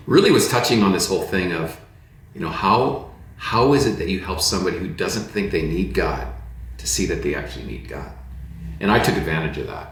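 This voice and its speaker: A man, a pastor as guest, telling lively anecdotes with jokey asides in casual conversation. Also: low-pitched. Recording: very echoey room.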